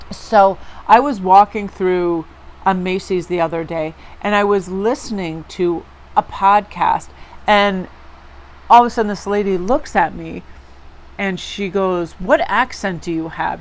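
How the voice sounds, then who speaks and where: A woman's voice: medium pitch, a little slow. A woman from Connecticut with a Northeastern American accent, giving a chatty, encouraging tarot reading to her viewers. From Connecticut, USA. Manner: chatty and encouraging, with rambling asides. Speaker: tarot reader.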